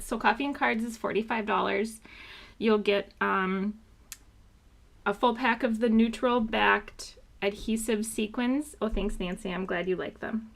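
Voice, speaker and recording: A woman's voice: mid-range voice, fairly even intonation, a little slow, vocal fry, slight background noise. A woman hosting a live card-making class, chatting casually and showing each sample card. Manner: chatty, upbeat, loose with fillers. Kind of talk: live craft class walkthrough.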